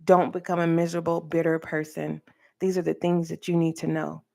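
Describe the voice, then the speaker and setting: A woman reading tarot for her channel, talking earnestly and preachily to the viewer with pauses and direct address. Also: sits low, flat delivery, creaky, warm tone. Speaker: tarot reader. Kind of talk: spiritual tarot reading monologue.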